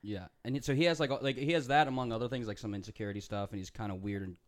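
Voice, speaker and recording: A man's voice: fairly low pitch, racing. A young man hosting a podcast, telling a rambling story in casual chat and often breaking off to restart his sentences. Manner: rambling, self-interrupting storyteller. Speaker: podcast host.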